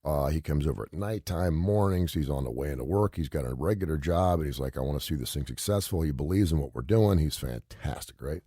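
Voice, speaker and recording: A man's voice: a bass voice, animated, fairly quick, few pauses, mellow, slightly rough, no room sound, studio quality. A middle-aged man hosting a radio talk show, telling a story in an emphatic, rambling, repetitive way.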